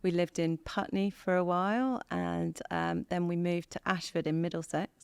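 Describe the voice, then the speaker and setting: An English woman from the north of England, a podcast guest speaking candidly and thoughtfully, pausing often with ums. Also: lowish voice, steady tone, vocal fry, a little mellow, clear, resonant tone, no echo. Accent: northern English over a southern English base. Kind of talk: reflective interview conversation.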